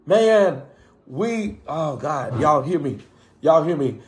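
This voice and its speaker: A man's voice: fairly high pitch, very animated, slow pace. A man, a pastor, talking passionately to his live-stream viewers, repeatedly calling out to his listeners.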